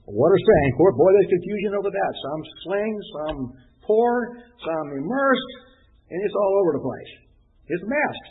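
Animated preacher man, husky tinny sound. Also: fairly high pitch. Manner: rhetorical questions, animated and emphatic. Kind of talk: conversational sermon.

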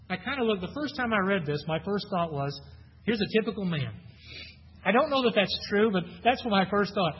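Husky high-voiced preacher in an echoing hall. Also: male voice, animated, brisk. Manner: conversational, asks the listeners rhetorical questions, repeats words. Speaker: pastor. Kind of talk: sermon, verse-by-verse Bible teaching. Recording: dull lo-fi recording with long hall reverb.

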